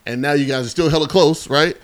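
A man hosting a podcast, casually bantering and telling stories loudly and jokingly with friends. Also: fairly high pitch. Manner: fast, loud, joking storyteller. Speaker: podcast host.

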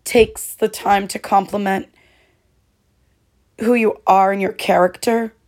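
Slow, heartfelt woman with a hoarse voice. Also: mid-range voice, fairly even intonation, darkish tone. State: hoarse, voice cracking. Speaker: podcast host. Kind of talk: solo podcast monologue.

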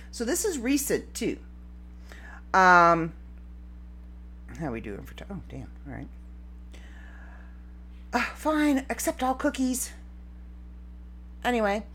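A woman hosting a solo podcast in a rambling, giggly, casual way. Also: medium pitch. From Canada. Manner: rambling and giggly, breaks into fits of laughter. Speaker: podcast host.

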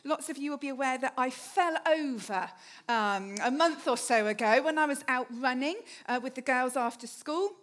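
A woman's voice: high voice, normal speed, a bit bright. A woman giving a chatty, humorous sermon, often putting questions to the congregation. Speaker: preacher.

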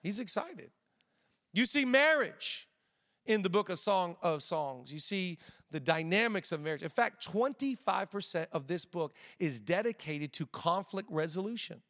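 A man in his thirties preaching a sermon as a pastor, energetic, slowing down to stress key lines and tossing in joking asides. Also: high-pitched, big-room sound. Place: church auditorium.

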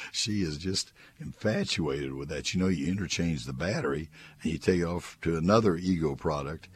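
A man's voice: moderate pace, a little hiss or hum. An older man hosting a radio gardening call-in show, folksy and chatty, reading live ads and taking callers. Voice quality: squeaky voice, as he says. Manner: folksy, chatty, leans on repetition. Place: radio studio.

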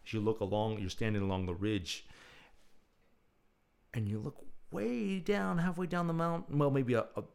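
A man hosting his own show, speaking in a reflective, lyrical monologue with thoughtful pauses. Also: mid-range voice, gravelly, darkish tone, clean tone. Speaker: podcast host.

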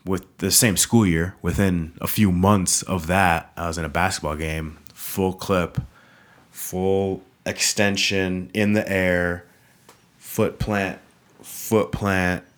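Low slow-talking man telling stories. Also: steady tone. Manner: swearing, rambling storytelling. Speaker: podcast host. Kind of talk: casual chat over drinks.

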